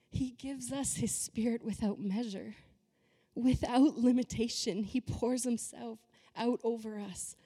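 A woman's voice: fairly high pitch, fairly even intonation, a little slow, dark tone, breathy edge, big-room sound. A woman pastor giving a conversational, emphatic sermon full of rhetorical questions.

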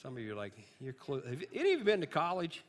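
A man's voice: on the high side, huge pitch swings, quick pace. Man preaching in a reverberant hall. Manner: storytelling, rising to emphatic peaks. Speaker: pastor. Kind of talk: sermon.

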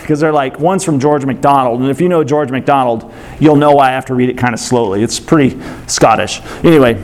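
High-voiced man preaching a casual sermon. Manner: repeats key phrases, asks rhetorical questions, laughs lightly. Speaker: pastor. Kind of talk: conversational sermon.

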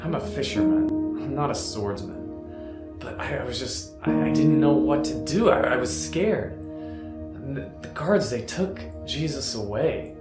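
A man acting as a guilt-ridden fisherman who stammers and halts as he tells his story. The voice rings in a roomy space, with a plucked guitar playing loudly underneath. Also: medium pitch, animated. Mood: regretful. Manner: halting, stammering, emotional first-person monologue. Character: remorseful fisherman disciple recalling his denial, adult man. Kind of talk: dramatic monologue over guitar. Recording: roomy sound with loud guitar music.

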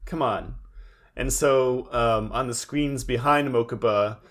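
A man co-hosting a casual podcast, recapping an episode in a relaxed, wry storytelling way. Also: medium pitch, takes it slowly. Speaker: podcast co-host.

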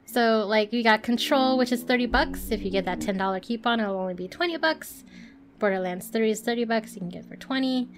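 A woman co-hosting a gaming podcast in a loose, chatty way, laughing often. Her voice sits a little high. She rattles through game deals like she's talking with friends. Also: fairly quick, slight background noise. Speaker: podcast co-host. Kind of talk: casual chat.

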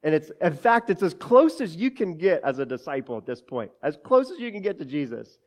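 A man's voice: a little high, very animated, a little fast. A man preaching a sermon, talking to the congregation as church and dropping joking asides between scripture readings. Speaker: pastor.

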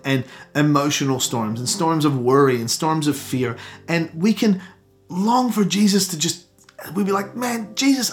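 A man preaching a sermon earnestly, slowing down to stress the scripture he reads. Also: on the high side.

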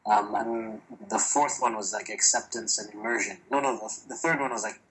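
A man's voice: lowish voice, fairly even intonation, moderate pace, fairly bright tone, a little hiss or hum, low-quality recording. A man chatting casually on a podcast, candid and profane, telling stories with animation. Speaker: podcast guest. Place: lives in China, recorded remotely or in a room.

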